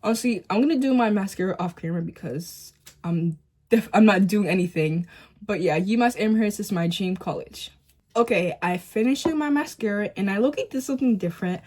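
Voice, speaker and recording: A teenage girl talks to her phone camera while doing her makeup, chatty and rambling. Her pitch sits in an ordinary middle range. She fills pauses with "like" and "um". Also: darkish tone. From Boston area, US. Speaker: beauty vlogger. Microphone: phone camera at close range.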